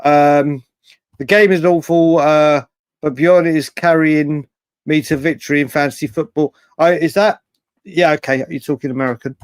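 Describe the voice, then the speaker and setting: A man's voice: on the high side, fairly even intonation, moderate pace, clean tone, no echo. Chatty man hosting a late-night fan stream. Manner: rambling, with frequent restarts and fillers. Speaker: host of a fan livestream. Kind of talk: casual live chat reading viewer comments.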